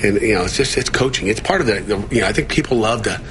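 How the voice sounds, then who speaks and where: Low-voiced halting coach in noisy clip. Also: male voice. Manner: halting, many fillers and restarts. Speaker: football coach. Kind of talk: press conference remarks.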